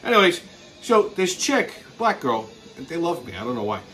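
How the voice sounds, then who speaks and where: A man's voice: a little high, sing-song, normal speed, fairly bright tone, faint music behind. A man hosting his own show, ranting crudely and swearing nonstop in an exasperated comedic way. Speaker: podcast host. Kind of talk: profane comedic rant.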